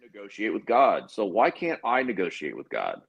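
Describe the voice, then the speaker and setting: Man, low husky voice, sarcastic podcast co-host, reads verses aloud then pokes fun, animated. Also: moderate pace, dull audio. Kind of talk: casual critical discussion.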